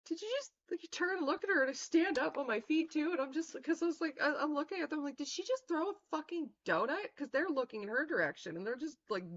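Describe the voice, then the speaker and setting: A woman's voice: high voice, animated, quick pace, few pauses. Swearing woman streamer telling a story. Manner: rambling, heavy swearing, many fillers. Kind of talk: casual storytelling. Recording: dull lo-fi stream mic.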